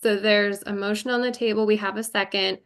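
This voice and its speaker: A woman's voice: mid-range voice, steady tone, brisk, fairly bright tone, clear, resonant tone. A woman chairing a virtual board meeting, talking through procedure carefully and thinking aloud.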